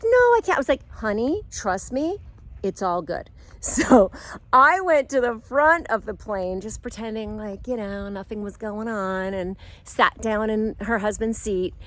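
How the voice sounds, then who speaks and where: A middle-aged woman tells a personal story in a casual, playful way. She giggles often and acts out the voices of the people in her story. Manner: animated, acts out quoted voices with big pitch jumps. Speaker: vlogger telling a personal story.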